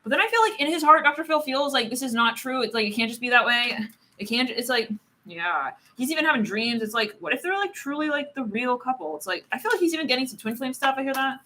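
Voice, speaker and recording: A woman's voice: high-pitched, lively intonation, fast talker, pushed and bright. A woman doing a live tarot reading, rambling and giggling, filling her talk with "it's like". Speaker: tarot reader.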